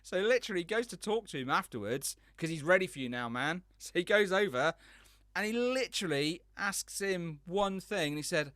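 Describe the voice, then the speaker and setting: A man's voice: sits high, expressive, fairly quick, sharp tone, no room sound, clean studio sound. A man hosting a podcast, chatting casually and telling rambling stories with enthusiasm. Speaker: podcast host. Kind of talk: casual chat.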